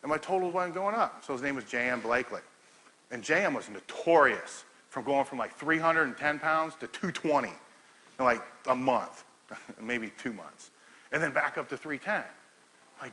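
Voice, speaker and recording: A middle-aged man speaks to a live room in a bright, forceful voice, storytelling with plenty of swearing and chuckles. He talks with animated energy. Faint background noise sits under the talk. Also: mid-range voice, moderate pace, poor audio. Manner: profane, laughing storyteller, animated. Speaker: powerlifting coach giving a talk.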